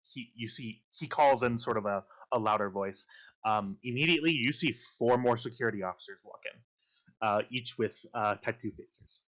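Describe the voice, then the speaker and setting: A man with a Midwestern American accent narrates a tabletop game as its game master. He talks at a middling pitch, hesitant, with many ums and restarts. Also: normal speed, fairly bright tone. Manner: hesitant, lots of ums and restarts, laughs often.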